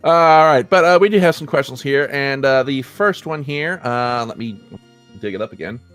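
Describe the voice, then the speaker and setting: A man's voice: medium pitch, normal speed, fairly bright tone, clear, resonant tone, faint music behind. Casting: young male podcast host, easygoing, chatty, restarts lines a lot. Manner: rambling, self-correcting, laughs often. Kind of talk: casual chat.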